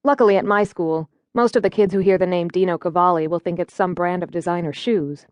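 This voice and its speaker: A woman's voice: fairly low pitch, steady tone, a little fast, darkish tone, dry recording. A woman narrating a first-person audiobook in a wry, conversational storytelling manner, recorded in a studio.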